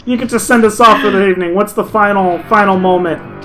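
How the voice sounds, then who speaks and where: A man's voice: high-pitched, a little fast, music in the background. A man running a tabletop game as game master, chatting casually and rambling with restarts.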